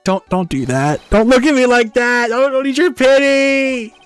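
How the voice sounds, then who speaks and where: A man's voice: high-pitched, moderate pace, faint music behind, close to an everyday voice. A man doing a stammering crybaby thief, whiny and jumpy. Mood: whimpering panic. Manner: stuttering, whiny, apologetic.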